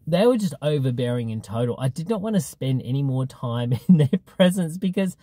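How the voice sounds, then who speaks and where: A man's voice: medium pitch, animated, a little fast, dark tone, dry recording. A man giving a casual film review from his car, hesitant with frequent ums and restarts.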